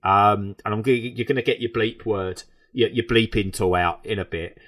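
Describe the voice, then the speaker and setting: A man's voice: fairly low pitch, normal speed, fairly bright tone. A man, co-hosting a podcast in casual, enthusiastic chat with many restarts. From England. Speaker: podcast co-host.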